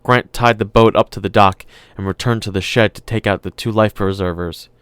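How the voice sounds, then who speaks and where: A man reading an audiobook aloud in calm, measured scripted narration. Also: fairly low pitch, clear, resonant tone, no echo.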